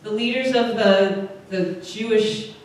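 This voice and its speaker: A woman pastor with an Upper Midwest American accent delivers a conversational sermon, chatting with her congregation and putting questions to them. Her mid-range voice moves slowly. The recording comes from a church service room that is very echoey, and she sounds far from the microphone.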